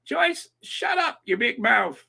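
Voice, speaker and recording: A man's voice: extremely high pitch, sing-song, slow, creaky, bright, forceful tone, breathy edge, voice pushed up, full character voice. A man doing an impression of a preachy woman TV evangelist, emphatic and drawn out.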